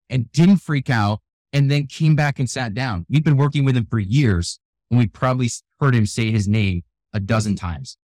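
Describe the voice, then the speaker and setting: An older man with gray hair, a youth keynote speaker, telling animated stories in a radio interview. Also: medium pitch, dry recording. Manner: energetic, animated storyteller who acts out quotes. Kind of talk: storytelling interview talk. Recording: dry close sound, radio show.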